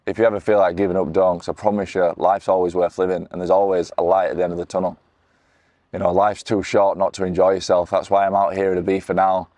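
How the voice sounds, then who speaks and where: A young man tells his own story to camera, earnest and candid, with frequent restarts. His voice sits very low and stays flat in tone. The recording is dry and close. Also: fast talker, dry recording. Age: 20s. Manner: earnest, candid, with many restarts and "you know". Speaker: motivational speaker. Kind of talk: personal testimony to camera.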